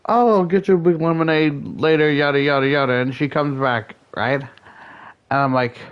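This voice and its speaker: A man's voice: on the high side, fairly even intonation, normal speed, smooth, muffled recording. Sick, sore-throated man ranting. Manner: swears a lot, ranting anecdotes. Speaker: streamer. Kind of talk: casual storytelling while gaming.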